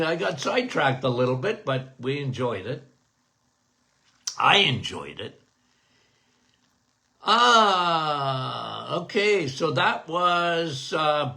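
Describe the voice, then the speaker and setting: A middle-aged doctor hosting a health Q&A podcast speaks in a slightly high voice that sounds pushed and bright. He keeps it casual, addressing his listeners as guys and repeating phrases for emphasis.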